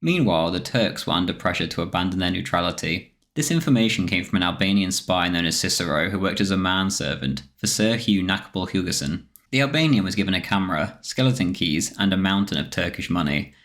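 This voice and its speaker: A man with a low, deep voice reads scripted narration for a history documentary. His delivery stays steady and measured from line to line.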